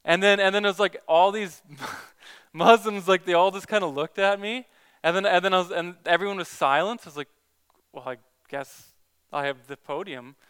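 A man's voice: sits high, fairly even intonation, fairly quick, a bit bright, clear, resonant tone. A man who is a Christian evangelist, earnestly telling a story in a casual talk, with many restarts.

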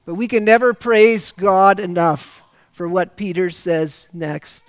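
High-voiced impassioned male preacher. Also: dry recording. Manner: impassioned, swells loud on key phrases, slows for emphasis; reads scripture aloud within the preaching. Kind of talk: sermon.

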